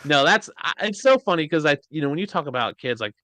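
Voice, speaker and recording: A man in his thirties co-hosting a podcast, chatting casually and acting out quoted lines in an animated way. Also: quick pace, no room sound. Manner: animated storyteller, acts out quotes in high voices. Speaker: podcast co-host. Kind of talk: casual chat.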